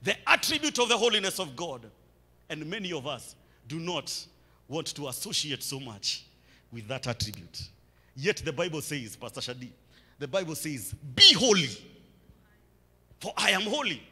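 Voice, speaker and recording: Young Kenyan male preacher, high and lively, cutting bright tone, big reverberant church hall. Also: moderate pace. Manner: animated, mixes English with Swahili asides. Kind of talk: sermon.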